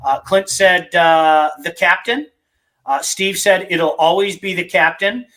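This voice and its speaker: Middle-aged male podcast host, chatty and excitable, slightly high voice, casual basement-studio talk. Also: unhurried, rough recording. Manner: excitable, chatty, jumps between topics. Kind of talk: casual sports talk, reading listener picks.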